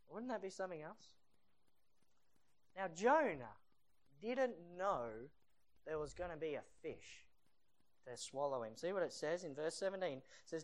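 A preacher giving a sermon in a lively storytelling style, acting out the scenes. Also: mid-range voice, normal speed. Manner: animated storytelling that acts out the scenes.

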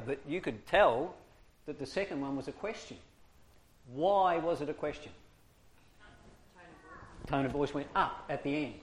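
A man teaching discipline gives an informal talk to a small group, demonstrating voice pitch. He swings his voice high and low to make his points.

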